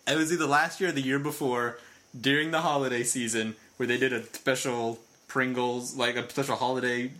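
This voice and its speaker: Bright, playful, laughing man. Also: mid-range voice, fairly even intonation, a little fast. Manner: playful, laughs often, jokey asides. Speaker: podcast co-host. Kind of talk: casual chat about wrestling.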